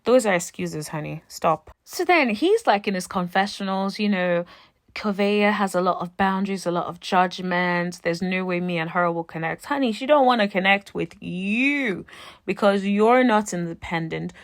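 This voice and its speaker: A woman giving casual, sassy recap commentary on a reality dating show, animated and fond of calling people "honey". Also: medium pitch, moderate pace, no room sound, studio quality.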